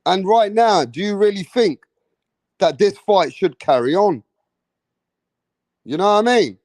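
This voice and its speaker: A man's voice: sits high, lively intonation, unhurried, a little mellow, no room sound. A young British man, hosting a boxing channel and ranting heatedly to his viewers, swearing and repeating himself. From Britain. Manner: heated, profane, repetitive, addresses viewers directly. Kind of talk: ranting commentary video.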